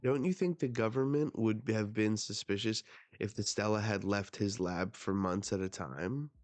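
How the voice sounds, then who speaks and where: Casual male reaction host, low-pitched, slow, dry close sound, stammers when excited. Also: no echo, soft background music. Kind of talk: live reading and reaction.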